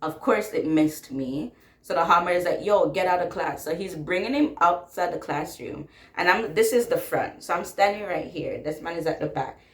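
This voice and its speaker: Young woman, low voice, blunt and sassy storyteller, casual vlog, echoey room. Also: animated, moderate pace. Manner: blunt, sassy, swears freely, laughs while telling. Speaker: vlogger telling a personal story.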